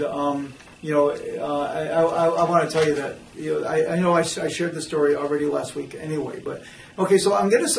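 A man with a high voice teaches a church Bible class, animated and often restarting his sentences. He is recorded from a distance in an echoey room, with faint background noise. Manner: animated, acts out quotes, frequent restarts.

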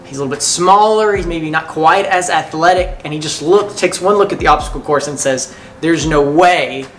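A man's voice: a little high, brisk, fairly bright tone, a little hiss or hum. A man giving a short devotional talk, telling a story in a conversational, earnest way. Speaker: devotional speaker.

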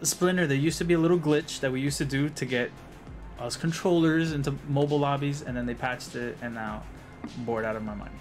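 Male streamer, excitable greetings, soft music bed. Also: mid-range voice, a little fast. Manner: hyped, repetitive greetings. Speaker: game streamer. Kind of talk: live-stream commentary.

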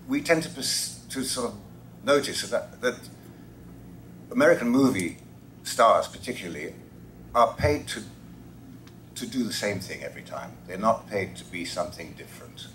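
A man's voice: fairly low pitch, fairly bright tone, a little hiss or hum. An English man on a convention panel, telling anecdotes in a reflective, wry, self-deprecating way.

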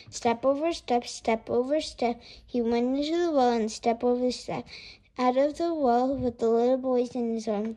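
A woman reads a children's picture book aloud. Her voice sits high and bright, and she lilts expressively through every sentence. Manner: expressive, lilting. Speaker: storyteller. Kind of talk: children's storybook read-aloud.

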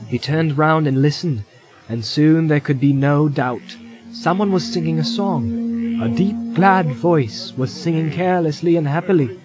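Guy reading a fantasy audiobook, dramatic and measured, slightly high voice, music score behind. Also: rough recording. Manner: measured, vivid storytelling. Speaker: audiobook narrator.

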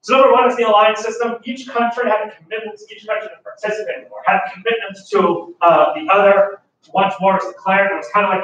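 An enthusiastic male history teacher with a fairly high voice talks his class through a lesson in a loose, joking way, with plenty of fillers. He sounds set back from the mic. The room around him is noticeably echoey. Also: fairly even intonation, fast, few pauses, a bit bright, distant mic, dull audio. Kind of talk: casual classroom lecture.

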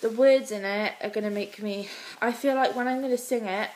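A woman's voice: a little high, fairly even intonation, brisk, a little mellow, low-quality recording. A British woman vlogging in a rambling, heartfelt way, talking openly and emotionally. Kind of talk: confessional vlog chat.

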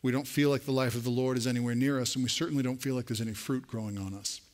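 A racing, slightly mellow male voice with a steady tone belongs to a pastor preaching in church. He speaks earnestly and directly to his congregation, building to an emphatic pitch near the end.

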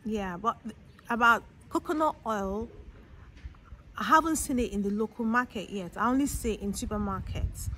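A woman chatting casually to camera, giving shopping tips with many pauses, ums and restarts. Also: on the high side, bright, forceful tone, slight background noise.

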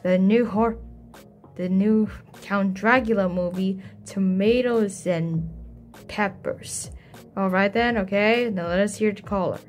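A woman's voice: mid-range voice, slow, faint music behind. A young woman playing out a toy story, doing every figure herself in shifting voices. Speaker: toy play video maker. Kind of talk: toy role-play with many voices.

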